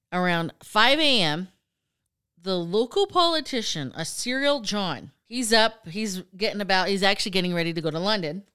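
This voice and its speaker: A woman co-hosting a casual podcast, telling a story in an animated way, with some swearing and acted-out quotes. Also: medium pitch, clear, resonant tone. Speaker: podcast co-host.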